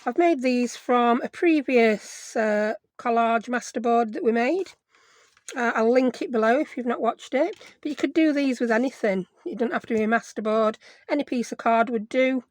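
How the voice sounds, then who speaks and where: A chatty woman talks through a craft project while she works, casual and self-deprecating. Her voice sits a little on the high side. The sound is close and dry, with no room around it. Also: normal speed, a little mellow, no room sound. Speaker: craft video host.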